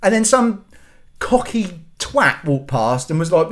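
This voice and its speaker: A man's voice: high-pitched, sing-song, unhurried, a bit bright. Bloke ranting on his channel, swears a lot, voice jumps all over. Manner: exasperated, sweary, rambling. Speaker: channel host. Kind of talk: ranting vlog monologue.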